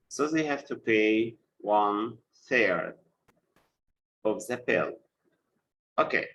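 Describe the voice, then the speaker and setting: A male English teacher gives a live online lesson at an unhurried pace. He repeats key words for his students and moves between English and as he explains. His voice sits at an ordinary middle pitch. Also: a bit bright, rough recording. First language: Arabic.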